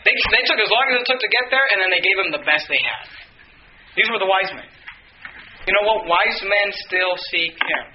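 A man's voice: high-pitched, brisk, reverberant, highs cut off, a little hiss or hum. A man preaching a sermon as pastor, emphatic and repetitive, with many rhetorical questions to the congregation.

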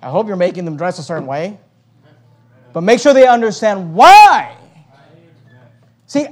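A man preaching a sermon in an animated, joking way, reading scripture aloud between his points. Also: sits high. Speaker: pastor.

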